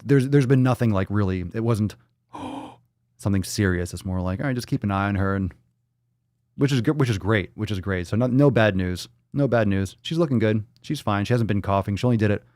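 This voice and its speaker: A man's voice: sits low, fairly quick, a little mellow, no echo, clean studio sound. A man hosting a casual livestream podcast, talking loosely and swearing freely while reading chat comments aloud. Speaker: podcast host. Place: indoors at home.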